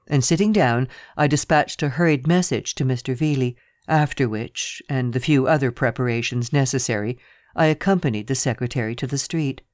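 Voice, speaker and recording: A narrator reads a first-person novel at a measured, even pace. The voice sits at a middle pitch. It is recorded dry and close, with no room sound. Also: no echo. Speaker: audiobook narrator.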